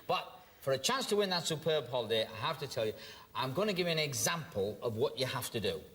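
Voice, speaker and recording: A man's voice: mid-range voice, big pitch swings, quick pace, a bit bright, slightly rough. An older English man hosting a game show, chatty and jokey, explaining the rules and then urging a contestant on against the clock. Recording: TV studio with music and audience.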